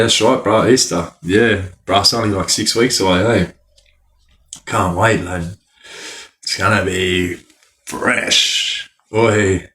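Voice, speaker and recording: Slow-talking Australian man reading chat. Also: lowish voice. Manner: slangy, laughs often, greets viewers by name. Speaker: livestream host reading chat. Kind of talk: casual livestream chat.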